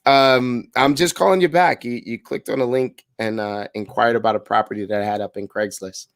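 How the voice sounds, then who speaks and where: A man's voice: mid-range voice, fairly even intonation, a little fast, no room sound. A man in a casual, upbeat style making live sales phone calls and coaching the audience between them, often repeating words as he restarts.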